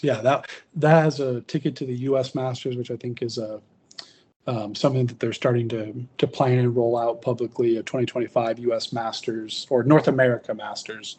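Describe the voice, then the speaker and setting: A man hosting a relaxed podcast chat about tabletop wargaming, rambling with restarts and fillers. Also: mid-range voice, a little hiss or hum. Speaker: podcast host.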